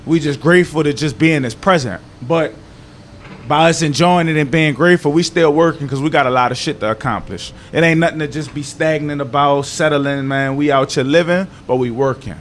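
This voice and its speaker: A man's voice: a little fast, a little hiss or hum. Young New Orleans man, laid-back and slangy. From New Orleans, Louisiana. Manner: laid-back slangy talk, drops into a low earnest tone. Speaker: interview guest. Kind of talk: casual interview chat. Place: outdoors in Miami.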